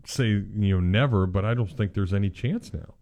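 Brief: male sports radio co-host, lowish voice, dry wit, quick one-liners. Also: dark tone, highs cut off. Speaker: co-host of a sports talk show. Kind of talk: casual sports radio chat.

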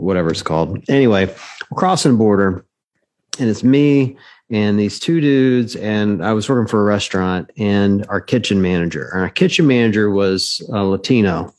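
Laid-back lower-voiced man with dry humor. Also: a little mellow. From United States. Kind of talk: casual storytelling chat.

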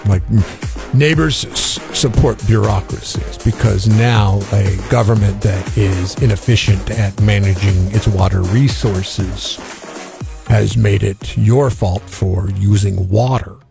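A man's voice: fairly low pitch, takes it slowly, creaky, music in the background. A man co-hosting a casual morning radio show, telling rambling stories and acting out what people said. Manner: rambling storyteller, acts out quotes. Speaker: radio co-host.

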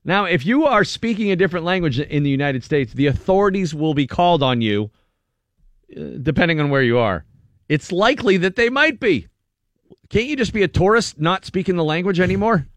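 A man's voice: high-pitched, brisk, no room sound. A man hosting a morning radio show, chatting casually in a wry, joking manner. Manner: animated, wry, breaks into mocking impressions. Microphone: studio microphone.

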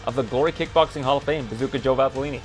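Fast-talking male podcast host. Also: medium pitch, faint music behind. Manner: fast, chatty, laughs often. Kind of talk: casual sports talk.

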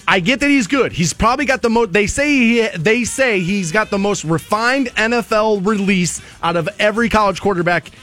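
A man's voice: sits high, moderate pace, hardly any pauses, pushed and bright, soft background music. A man hosting a sports talk show, making opinionated arguments and repeating his points for emphasis. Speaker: radio sports show host.

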